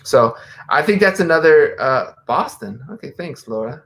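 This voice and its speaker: A man's voice: fairly high pitch, big pitch swings, moderate pace, a bit bright, slight background noise. An American man hosting a casual live video chat, talking conversationally and reading quotes aloud. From USA. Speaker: host.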